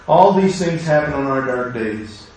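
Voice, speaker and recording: A man preaching a sermon as pastor, shifting between quiet, intimate asides and rising, urgent calls to his congregation. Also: medium pitch, expressive, unhurried, slight background noise. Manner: swings from hushed asides to rising exhortation. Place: church sanctuary. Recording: very echoey church room.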